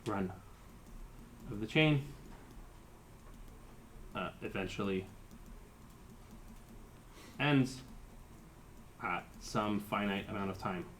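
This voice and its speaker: A man's voice: fairly low pitch, extremely slow, pauses often, a bit bright, slight background noise. A man giving a university lecture, explaining terms step by step and thinking aloud with fillers. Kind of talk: live-coded lecture.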